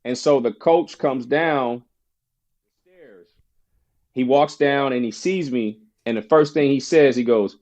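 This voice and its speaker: A man's voice: medium pitch, unhurried, a little mellow, muffled recording. A man telling a personal story as a podcast guest, acting out the voices of the people he quotes. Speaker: podcast guest, former basketball player. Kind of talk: casual storytelling interview.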